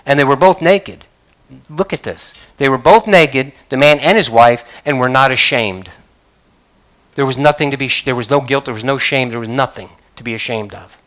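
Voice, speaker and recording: A man's voice: mid-range voice, normal speed, fairly bright tone. An older man preaching a sermon as pastor, emphatic, with frequent hallelujahs. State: choked up.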